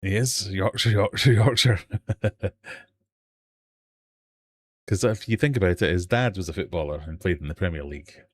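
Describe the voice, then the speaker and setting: Jokey quizmaster, low voice. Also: male voice, normal speed, pauses often. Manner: jokey, self-mocking quizmaster. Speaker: livestream quiz host. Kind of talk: live quiz hosting chat. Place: home fish room.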